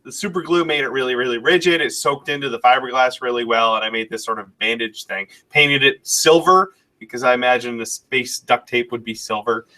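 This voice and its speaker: Brief: male stream co-host, medium pitch, sharp bright tone, relaxed chatty storyteller. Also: brisk, hardly any pauses. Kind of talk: casual live-stream Q&A.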